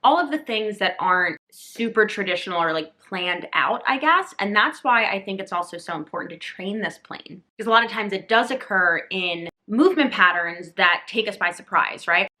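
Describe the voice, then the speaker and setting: A woman's voice: medium pitch, lively intonation, moderate pace, few pauses, sharp tone. A young woman talking casually as a fitness vlogger, chatty and full of "like" fillers. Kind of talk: casual vlog talk.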